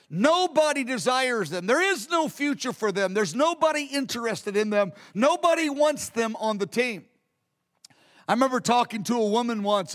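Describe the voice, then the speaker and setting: A man's voice: very high-pitched, fairly bright tone. A man preaching a sermon in an earnest, repetitive way, often restarting his sentences. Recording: long hall reverb.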